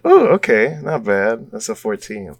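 A man's voice: fairly low pitch, huge pitch swings, a little slow, dry recording, clean studio sound. A young man playing a tabletop game, talking casually and rambling with fillers. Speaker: player.

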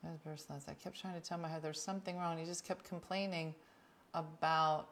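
A woman hosting a livestream, chatting casually and bluntly with viewers, calling them by name and swinging between loud outbursts and hushed asides. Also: sits low, little pitch movement, a little fast, slight background noise. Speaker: livestream host reading viewer comments.

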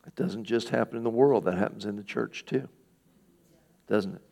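Low gravelly male preacher, conversational. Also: moderate pace, long pauses, warm tone. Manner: conversational, asks the listeners questions, acts out quoted speakers. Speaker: pastor. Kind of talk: sermon.

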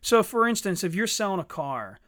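A man's voice: high-pitched, fairly quick, dry recording, studio quality. A man talking bluntly and with a lot of swearing, telling stories in a casual podcast chat. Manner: blunt, profane, animated storytelling.

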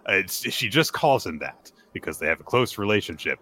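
A man hosting a podcast, retelling a manga chapter in a casual, animated and playful way. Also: medium pitch, moderate pace, no echo. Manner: animated, playful, acts out characters. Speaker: podcast host.

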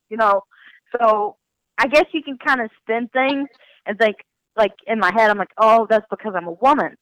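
Crisp-voiced woman fishing guide, animated. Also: mid-range voice, fairly quick, no echo, poor audio. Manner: animated, acts out quoted remarks. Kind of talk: candid interview talk.

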